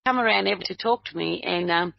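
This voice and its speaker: A woman's voice: on the low side, fast talker, creaky, dry recording. An older woman from Uruguay, a medium and healer, telling a personal story in a rambling way, with many restarts. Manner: rambling, acts out quoted dialogue, many restarts. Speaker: medium and healer, interview guest. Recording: dull lo-fi recording.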